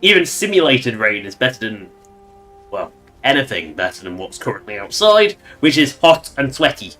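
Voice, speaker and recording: A man chatting over his gameplay in a relaxed, sarcastic way. His voice sits at a middle pitch and he wanders off into asides. Faint game music plays behind him. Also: normal speed. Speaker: streamer. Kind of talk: casual gameplay commentary.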